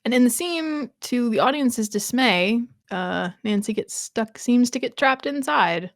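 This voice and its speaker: A woman's voice: on the high side, animated, a little slow, no room sound, studio quality. A woman co-hosting a TV rewatch podcast, chatting casually and thinking aloud, with frequent restarts and small laughs. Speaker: podcast co-host.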